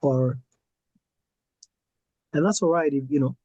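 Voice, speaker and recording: A man's voice: a little high, slow, mellow, no room sound, muffled recording. A man hosting a segment over a video call, friendly and easygoing, with many fillers and repeated phrases. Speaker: segment host. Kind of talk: casual interview chat.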